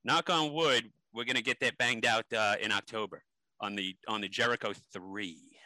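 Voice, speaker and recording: A man's voice: on the low side, steady tone, moderate pace, pushed and bright, no echo, poor audio. A man being interviewed, telling stories animatedly with many ums and restarts. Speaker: interview guest. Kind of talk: casual interview storytelling.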